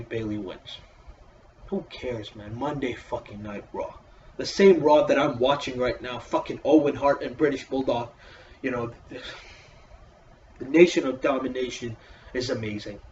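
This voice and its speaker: A man's voice: medium pitch, darkish tone, recorded from a distance, lo-fi sound, slight background noise. A man casually reviewing a wrestling show in a profane, exasperated, sarcastic rant.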